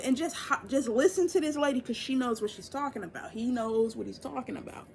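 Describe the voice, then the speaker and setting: A woman's voice: brisk, gravelly, few pauses. Young woman, casual oracle reading, profane and chatty, faint background hiss. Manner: profane, loose and chatty, with sudden excited high bursts. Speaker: tarot and oracle reader.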